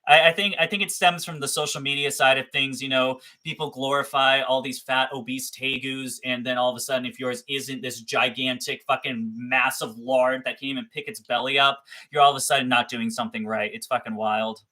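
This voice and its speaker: A young man rambles on a casual livestream about his reptiles, swearing freely and laughing at himself. His medium-pitched voice is bright and forceful, with fairly even intonation, and he talks a little fast with few pauses.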